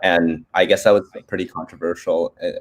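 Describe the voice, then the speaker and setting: A man's voice: low voice, steady tone. A seventeen-year-old man from Canada, a startup founder explaining his project in a casual interview, eager and full of "like" and "um". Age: teens, seventeen. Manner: quick, eager, laughs easily, uses "like" and "um".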